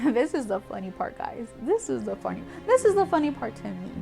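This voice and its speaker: A woman retelling a Bible story for children in a lively, chatty way, talking straight to her young audience. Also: a little high, normal speed, gravelly, faint music behind.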